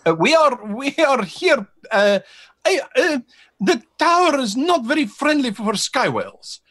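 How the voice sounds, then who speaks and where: A man voicing an excitable, scheming male carnival showman in a tabletop game, with high, clipped, broken phrasing. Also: measured pace, heavily acted.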